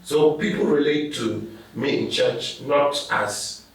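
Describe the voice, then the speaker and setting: Gravelly pastor telling stories. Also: male voice, medium pitch, slow. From Ghana. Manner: anecdotal, laughs while telling stories. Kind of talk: storytelling interview answers. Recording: echoey room, distant mic.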